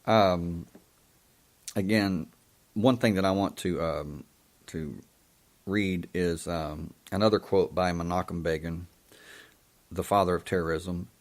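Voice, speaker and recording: A man hosting a live show monologue, halting and full of ums and restarts, with an indignant, emphatic way of talking. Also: low voice, steady tone. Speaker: host.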